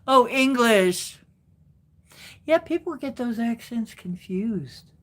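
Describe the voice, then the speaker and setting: A woman hosting a casual live stream, chatting with viewers and answering their comments in an unhurried way with frequent laughs. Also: a little high, fairly bright tone.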